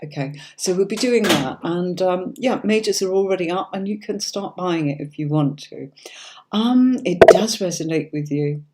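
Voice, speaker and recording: A woman's voice: fairly low pitch, expressive, moderate pace, very noisy. A woman from Yorkshire with a neutral standard British accent, hosting a live-stream tarot reading in a chatty, reassuring way and often checking in with listeners. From Yorkshire, England. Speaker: tarot reader hosting a livestream.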